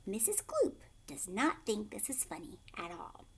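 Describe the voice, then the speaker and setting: A woman reading aloud, voicing an eccentric, giggling male chocolate maker who speaks in a playful, often hushed and breathy way. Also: medium pitch, big pitch swings, measured pace, heavily acted.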